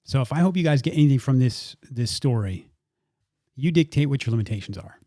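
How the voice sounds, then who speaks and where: A man's voice: medium pitch, lively intonation, fairly quick, mellow, no echo, studio quality. A man hosting a podcast, giving an earnest introduction and then interviewing his guest, often repeating words as he gathers his thoughts. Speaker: podcast host.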